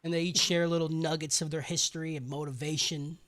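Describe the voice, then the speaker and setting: A man's voice: a little high, little pitch movement, brisk, a bit bright. A man co-hosting a podcast, recapping an anime in a casual, profane, sarcastic way. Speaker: podcast co-host recapping episodes.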